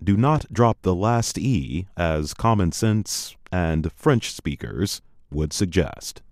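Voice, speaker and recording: A man presenting a scripted educational program, reading slowly and deliberately in a teacherly way. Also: sits low, expressive, a little mellow, no echo, clean studio sound.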